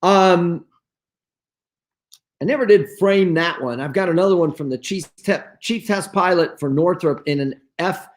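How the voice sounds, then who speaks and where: A man hosting his own video show from home, talking slowly and loosely while he shows papers and photos to the camera, often clearing his throat. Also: a little high. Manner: slow and rambling, frequent throat clearing and fillers. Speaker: host. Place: at home, items on his wall.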